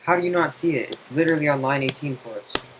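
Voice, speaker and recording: A man tutoring someone in code, impatient and teasing, explaining in quick exasperated bursts. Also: a little high, background noise. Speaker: coding tutor. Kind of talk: casual screen-side coding help.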